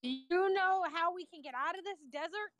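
A woman's voice: extremely high pitch, normal speed, a bit bright, lo-fi sound. A woman playing a tabletop game, blunt and impatient, who swears casually. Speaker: player. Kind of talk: casual tabletop gameplay chat.

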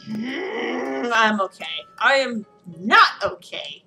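A woman's voice: a little high, big pitch swings, takes it slowly, creaky, faint music behind. A tipsy woman playing a video game, cursing and grumbling at it in casual commentary. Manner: profane, exasperated, yelling at the game. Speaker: let's play gamer.

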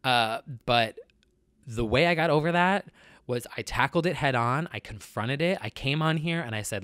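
Man, nasal voice, casual vlog chat, confessional and earnest, average pitch, dry close recording. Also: brisk, fairly bright tone, no room sound. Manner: earnest and confessional, with many fillers. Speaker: vlogger.

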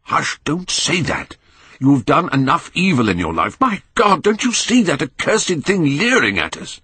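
A man gives voice to a horrified, devout middle-aged painter who pleads and cries out in dismay. The voice is low and husky, recorded close and dry like an audiobook. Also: expressive, normal speed, a bit bright, dry recording, full character voice. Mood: pleading. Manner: pleading and aghast, rising to cries. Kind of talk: audiobook character reading.

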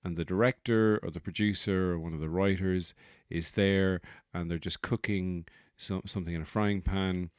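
A man's voice: deep voice, fairly even intonation, normal speed, few pauses, no echo, studio quality. A man hosting his own podcast, rambling through a comic monologue, correcting himself as he goes and swearing freely. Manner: digressive, self-correcting, sweary. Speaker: podcast host.

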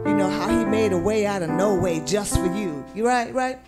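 A woman's voice: mid-range voice, moderate pace, loud music behind the voice. A woman preacher with a Southern American accent, delivering a sermon and drawing call-and-response from her congregation in church. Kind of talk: sermon with sung lyrics. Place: church sanctuary.

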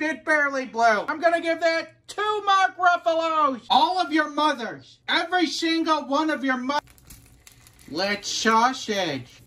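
A man in his thirties hosting a comedic cooking video, talking in a sardonic, deadpan, ranting way. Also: very high-pitched, a little hiss or hum. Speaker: cooking show host.

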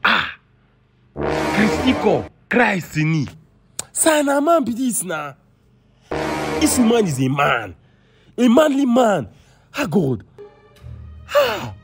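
An actor with a Nigerian accent playing a sly, excitable young churchgoer in a comedy skit, crying out and pleading in a rush. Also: male voice, sits high, full character voice. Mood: outraged. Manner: excitable, loud exclamations, rapid pleading. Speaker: comic actor. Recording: music playing behind.

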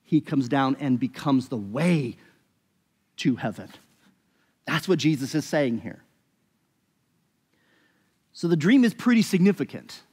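A man's voice: medium pitch, lively intonation, unhurried, pauses often, a little mellow, breathy edge. A man preaching a sermon as pastor, talking conversationally with emphatic rises and frequent restarts. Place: church sanctuary. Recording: long reverb of a church hall.

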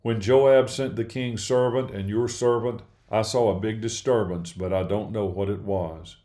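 A man's voice: fairly low pitch, steady tone, moderate pace, dark tone, lightly acted. A man reading the lines of an eager young messenger speaking respectfully to a king. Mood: deferential.

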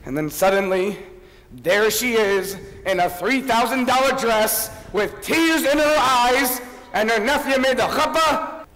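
A man's voice: extremely high pitch, animated, unhurried, fairly bright tone, heavily acted. An actor playing a wistful man who narrates a favourite record with chatty, self-deprecating asides, captured on a stage. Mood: rueful. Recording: reverberant stage sound.

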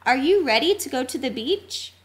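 A woman voicing a big, friendly male red dog in a storybook read-aloud, with a gentle, reassuring manner. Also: high-pitched, lively intonation, moderate pace.

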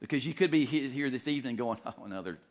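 A man's voice: medium pitch, fast talker. A man preaching a sermon as pastor, repeating phrases and putting questions to the congregation. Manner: repetitive, emphatic, asks the congregation questions.

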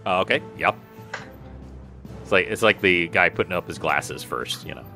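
Low, bright-voiced man as game master. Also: normal speed, gravelly, faint music behind. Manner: relaxed, lots of fillers and restarts. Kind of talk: narrating a tabletop game.

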